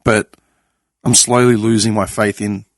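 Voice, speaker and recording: A young man of Greek family hosting a casual podcast chat, animated and swearing freely as he retells conversations. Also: on the low side, a little slow, no echo. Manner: animated storyteller, swears freely, quotes others. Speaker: podcast host.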